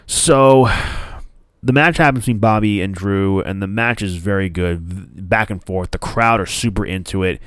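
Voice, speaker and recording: A man's voice: lowish voice, moderate pace, fairly bright tone, clean tone, no room sound, clean studio sound. A man hosting a podcast, ranting in a casual, profane, rambling way. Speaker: podcast host.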